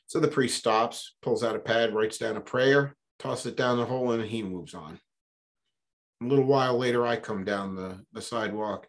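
A man with a fairly low voice speaks as an interview guest. He tells his stories in a relaxed, reflective way and leans on casual fillers as he talks. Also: moderate pace. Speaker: interview guest, business coach. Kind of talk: conversational storytelling.

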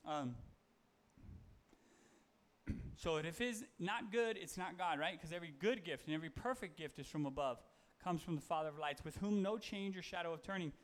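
A man's voice: a little high, normal speed. A man giving a casual, conversational sermon, reading Bible verses and talking them through with fillers and self-corrections. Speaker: preacher.

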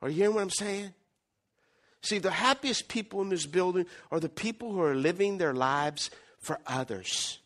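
A middle-aged male pastor preaching an animated sermon, acting out little scenes and swinging between loud and quiet. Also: sits high, moderate pace.

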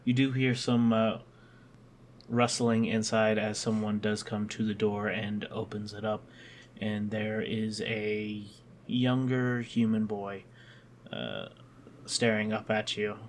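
A man narrating as game master of a tabletop game, in a relaxed, meandering way. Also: lowish voice, slow, a little hiss or hum.

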